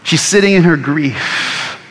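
Bright high-voiced male preacher, reverberant hall. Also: takes it slowly. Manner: storytelling, acts out quoted lines, drops to hushed tones. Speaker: pastor. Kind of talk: sermon.

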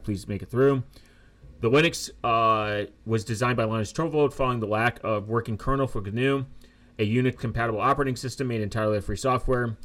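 A young man talking casually in a rambling way, reading facts aloud and stumbling through fillers and restarts. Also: mid-range voice. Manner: halting, loose, reads facts aloud with many fillers and restarts. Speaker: tech vlogger.

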